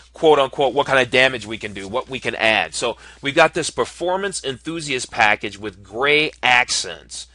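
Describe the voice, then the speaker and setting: A man's voice: mid-range voice, bright, forceful tone, no echo. A man talking casually as he clicks through options while building a car online, thinking aloud with frequent ums and uhs. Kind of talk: casual screen-recorded commentary.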